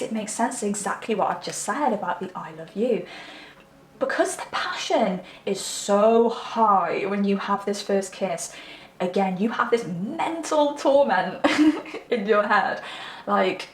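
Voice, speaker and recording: A woman giving a tarot card reading, talking in a chatty, intimate way and checking in with her listener. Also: medium pitch. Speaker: tarot reader. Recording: echoey room.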